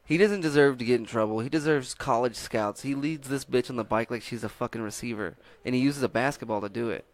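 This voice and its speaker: A man's voice: medium pitch, fast talker, few pauses. A Texan man hosting a casual comedy podcast, rambling and swearing as he breaks down viral videos. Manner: profane, rambling storyteller. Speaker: podcast host.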